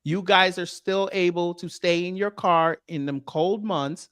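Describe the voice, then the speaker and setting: A man hosting a casual comedic talk show, loud and joking, teasing his co-host. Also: high-pitched, unhurried, clean tone, dry recording, studio quality. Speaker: podcast host.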